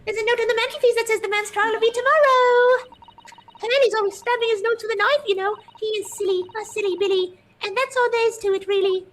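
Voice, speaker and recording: A woman's voice: extremely high pitch, steady tone, fast, fairly bright tone, slight background noise. A woman voicing a precocious, smug young girl detective, reading her lines in a chirpy game voice.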